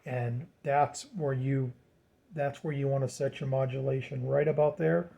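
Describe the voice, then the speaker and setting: A man walks through a radio setup in a loose, rambling way, stumbling over repeated words and filling gaps with "you know." His voice sits dark and mellow, in an ordinary middle pitch. It sounds like a home workshop recording. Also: steady tone, a little slow, gravelly. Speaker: radio hobbyist explaining setup. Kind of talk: casual how-to tutorial.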